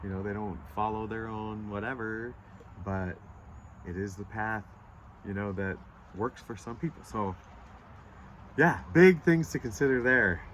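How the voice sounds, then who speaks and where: A man's voice: lowish voice, measured pace, long pauses, noisy background. A man giving a casual, rambling spiritual tarot reading outdoors, earnest and emotional, his nose stuffy from holding back tears. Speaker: tarot reader. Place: outdoors in nature. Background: birds and passing vehicles.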